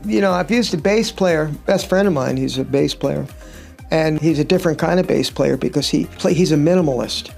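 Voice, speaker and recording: A man's voice: a little high, brisk, vocal fry, a little mellow, faint music behind. A middle-aged man, a touring guitarist, chatting casually in an interview and telling rambling stories with wry humor. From United States.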